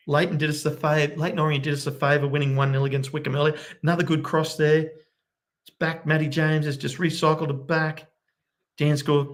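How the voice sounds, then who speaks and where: Fan watchalong host: a man calling the game with quiet excitement at home late at night, medium pitch. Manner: excitable, bursts into loud cheering. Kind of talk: live match commentary for viewers.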